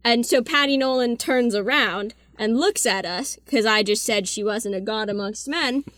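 A teenage girl telling anecdotes in casual chat, laughing through quick asides. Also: on the high side, a bit bright, no room sound. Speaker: guest storyteller.

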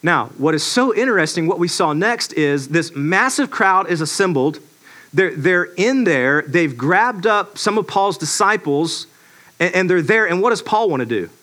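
A man's voice: high voice, lively intonation, moderate pace, sharp tone. A man giving a casual Bible teaching, conversational with many restarts, who acts out characters in playful voices.

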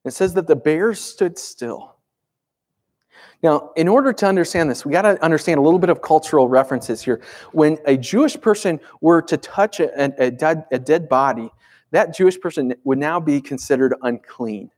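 A man's voice: a little high, expressive, moderate pace, darkish tone. A man preaching a sermon as pastor, speaking conversationally and emphatically with rhetorical questions.

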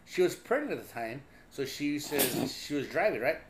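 A man's voice: mid-range voice, big pitch swings, normal speed, creaky. A man hosting a podcast, telling loose, profane stories in casual chat with frequent laughter. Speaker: podcast host.

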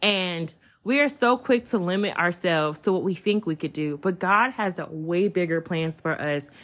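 A woman, hosting a podcast from home and telling a personal story in a chatty, excitable way. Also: on the low side. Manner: chatty, excitable, addresses listeners as y'all. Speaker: podcast host. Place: at home, child in the room.

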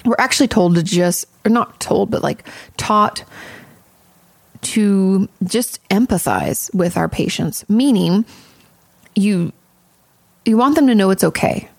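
A woman's voice: medium pitch, slow, gravelly, long pauses, no room sound. A woman podcast host and therapist giving candid, chatty advice and swearing casually.

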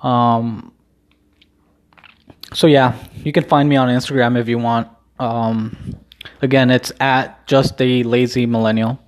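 Young guy rambling to his camera, lots of ums and restarts, low-key and self-deprecating, swears a bunch. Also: little pitch movement, slow pace, pauses often. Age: young adult. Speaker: vlogger. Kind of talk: casual rambling vlog.

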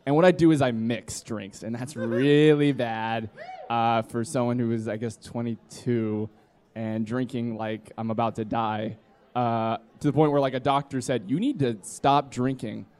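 A man in his twenties tells a drunken tale on stage for a live comedy podcast, his mid-range voice a little mellow, a little slow, and fairly even in intonation. He rambles and performs his friends' voices, drawing laughter from the live audience.

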